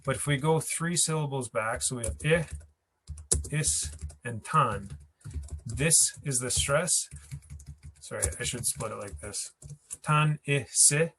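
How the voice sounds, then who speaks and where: A man's voice: mid-range voice, unhurried, pauses often, a bit bright, a little hiss or hum. A man teaching a language class, patient and chatty, thinking aloud as he explains and writes examples. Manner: patient, laughs easily, thinks aloud mid-sentence. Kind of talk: explaining grammar at a whiteboard.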